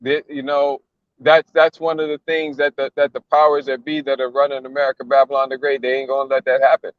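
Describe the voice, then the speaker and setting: A man's voice: mid-range voice, level tone, fast, dry recording, phone-quality sound. A man giving casual religious commentary in a blunt, mocking, slangy way, often repeating himself. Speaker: commentator reacting to a news clip.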